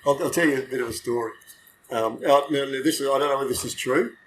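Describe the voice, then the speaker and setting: A man's voice: medium pitch, fast talker, slight background noise, rough recording. An older Australian man, a retired police dog handler, telling rambling, self-correcting stories in casual chat and swearing freely.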